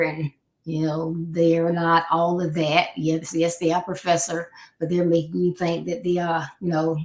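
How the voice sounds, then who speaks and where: A woman with a fairly low voice coaches her listeners in a relaxed, talky way. She repeats key points for emphasis and slips into the voices of people she quotes. The sound is roomy and echoey. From Florida. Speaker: life coach. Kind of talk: motivational live talk. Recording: echoey room.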